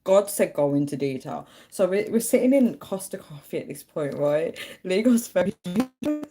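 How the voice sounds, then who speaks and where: A young woman tells a personal story to her livestream viewers. Her voice sits low and mellow, and she talks in an easy, chatty way. She brings the story to life by acting out the voices of the people in it. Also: normal speed, breathy edge, faint music behind. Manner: chatty, animated, acts out quoted voices. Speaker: live streamer.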